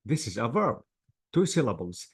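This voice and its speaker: A man's voice: medium pitch, big pitch swings, normal speed, breathy edge. A male English teacher giving an online class lecture, patiently drilling words syllable by syllable.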